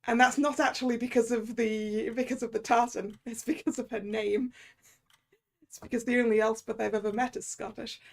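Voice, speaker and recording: A woman's voice: a little high, level tone, normal speed, gravelly. A woman streamer commenting casually on a game, chatty and giggly, poking fun at herself. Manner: chatty, giggly, self-mocking.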